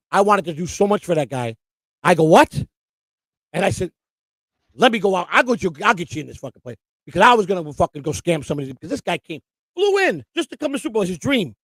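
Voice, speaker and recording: A man's voice: high-pitched, no room sound. A man co-hosting a live stream, telling rambling, profane stories and restarting his sentences often. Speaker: co-host and storyteller. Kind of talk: casual chat, rambling anecdotes. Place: home live-stream setup.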